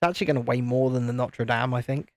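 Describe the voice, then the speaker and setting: A man's voice: mid-range voice, quick pace, dry recording. A man chatting casually and rambling on a live stream while building Lego. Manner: chatty, rambling, self-interrupting.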